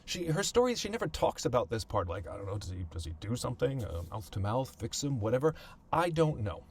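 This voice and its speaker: A man hosting a podcast, telling a personal family story in a halting way, often repeating words and thinking aloud. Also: mid-range voice, sing-song, vocal fry. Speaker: podcast host.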